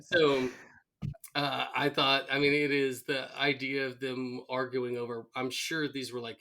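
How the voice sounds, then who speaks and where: A man with a medium-pitched voice speaks a little slowly while co-hosting a podcast. In casual chat recapping a TV episode, he animatedly retells scenes, laughing and acting out the quoted lines.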